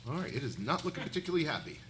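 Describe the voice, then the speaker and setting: A man's voice: a little high, sing-song, rapid-fire, noisy background. A man narrating a live tabletop game as game master, often laughing and stumbling over his words as he narrates.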